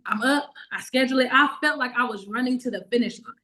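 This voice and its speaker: A woman in her thirties giving an emotional personal testimony on a group call, animated and repeating herself as she acts out her own past words. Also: on the high side, fast talker. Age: 30s. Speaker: network marketing team member giving a testimonial.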